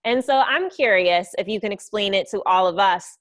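A woman's voice: medium pitch, moderate pace, fairly bright tone. Enthusiastic woman podcast host. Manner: enthusiastic and encouraging. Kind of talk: interview questions.

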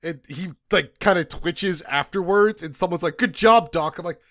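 A man's voice: fairly high pitch, normal speed, a bit bright, no room sound, clean studio sound. A man casually retelling a movie's story for a review podcast, laughing often and acting out lines. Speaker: podcast co-host.

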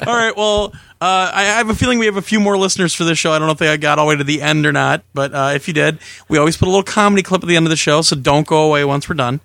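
A man's voice: a little high, fairly even intonation, very fast, creaky, hardly any pauses, fairly bright tone, no echo, studio quality. A man hosting a gaming podcast, signing off the show in a loose, chatty way while thanking guests and sponsors. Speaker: podcast host. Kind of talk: casual podcast sign-off.

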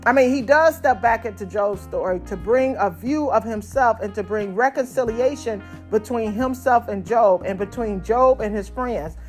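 A woman's voice: a little high, normal speed, few pauses, darkish tone, faint music behind. A woman preaching a sermon in a conversational, folksy way, addressing the congregation directly.

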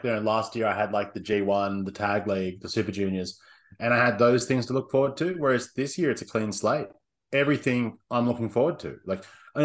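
A man in a casual podcast chat, speaking earnestly and repeating himself as he thinks. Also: on the low side.

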